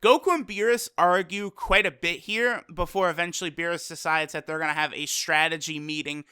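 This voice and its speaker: A man recapping an anime episode in a casual, energetic way, acting out the characters' quoted lines as he goes. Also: fairly high pitch, fairly quick, smooth, dry recording, studio quality. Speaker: anime reviewer.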